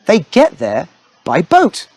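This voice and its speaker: A man reads a children's story aloud, friendly and expressive. His voice sits a little high and rises and falls a great deal, as if talking to young listeners. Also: slow pace, dry recording. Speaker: storybook narrator. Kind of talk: scripted children's story narration.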